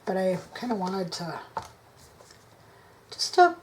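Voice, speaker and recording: A woman's voice: mid-range voice, big pitch swings, slow, noisy background. Woman musing aloud while crafting. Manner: musing to herself, indecisive, soft mutters. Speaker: craft vlogger. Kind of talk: casual crafting chat to camera. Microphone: camera on tripod.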